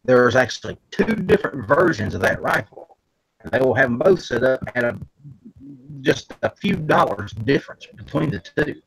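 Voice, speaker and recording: A man calling in from home and telling a folksy, animated story. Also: medium pitch, normal speed, creaky, slight background noise, poor audio. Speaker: guest on an online call. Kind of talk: casual chat. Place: at home, late at night.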